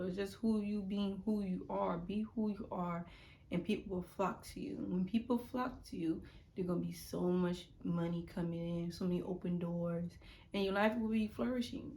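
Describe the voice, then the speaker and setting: A woman's voice: on the low side, steady tone, normal speed, darkish tone. A young adult woman talking casually to camera in a rambling self-help monologue, repeating words and sometimes dropping to a whisper. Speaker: YouTuber.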